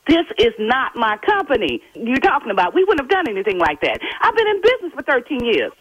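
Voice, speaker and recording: High, lively woman on a phone line. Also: quick pace, slightly rough, no room sound. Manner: polite but firm, repeats "sir", grows defiant. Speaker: bakery owner. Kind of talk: phone conversation. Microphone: telephone.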